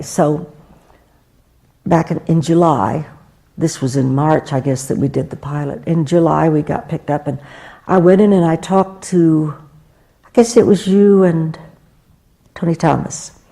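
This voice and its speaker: An actress on a festival panel, telling a story and quoting others in dialogue. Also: female voice, sits low, unhurried, pauses often, warm tone. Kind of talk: anecdotal panel talk. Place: theater stage before a live audience.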